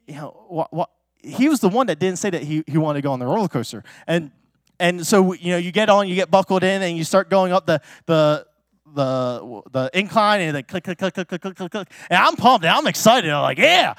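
A man with a notably high voice preaches as a pastor, telling stories in a loose, conversational way. He fills his talk with fillers and restarts. The sound is dry and close, with little room echo. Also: expressive, a little fast, a bit bright. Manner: chatty, with many fillers and restarts. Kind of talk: casual storytelling sermon. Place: church.

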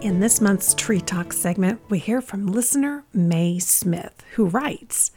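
A woman hosting a podcast, announcing the episode in a clear, upbeat way and reading a listener's letter aloud. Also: medium pitch, expressive, slow pace, few pauses, dark tone, soft background music. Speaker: podcast host.

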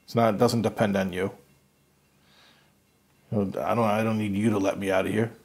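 A man voicing a devout young male prisoner who calmly stands his ground, with a husky voice. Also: on the low side, brisk. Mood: insistent.

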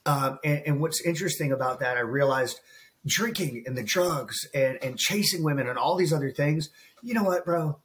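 A man's voice: a little high, normal speed, a bit bright, a little hiss or hum. A man around forty, a guest coach on a podcast, telling a personal story in an earnest, emotional way and calling the host bro. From United States. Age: about 40. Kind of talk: candid podcast interview.

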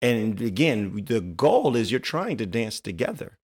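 A man's voice: medium pitch, very animated, measured pace, darkish tone, breathy edge. A man hosting a faith-based podcast, talking earnestly and encouragingly, often repeating his key phrases. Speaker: podcast host.

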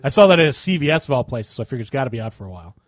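A man's voice: medium pitch, sing-song, rapid-fire, no room sound, clean studio sound. A man co-hosting a podcast in casual chat, wry and matter-of-fact. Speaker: podcast co-host.

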